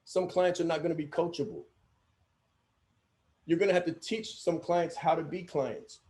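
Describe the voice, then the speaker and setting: Male coaching trainer, high pitch, emphatic delivery with lots of repetition. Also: normal speed, warm tone. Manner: emphatic, repeats key phrases.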